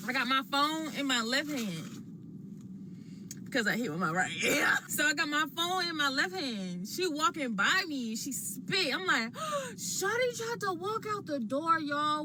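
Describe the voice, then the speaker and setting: High, lively woman telling a story. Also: a little slow, background noise. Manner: slangy, expressive, talks while eating. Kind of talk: animated storytelling to a phone camera.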